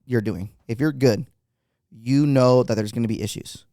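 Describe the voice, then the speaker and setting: A man's voice: mid-range voice, moderate pace, dark tone, no echo, clean studio sound. A man hosting a casual podcast, easygoing, laughing often and asking his guest questions. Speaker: podcast host. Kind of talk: casual chat.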